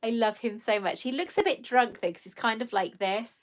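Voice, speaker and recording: A woman's voice: fairly high pitch, brisk. Chatty woman on a live stream. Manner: chatty and self-mocking, reading comments aloud, laughing often. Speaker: YouTuber answering live chat. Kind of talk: casual live-stream chat.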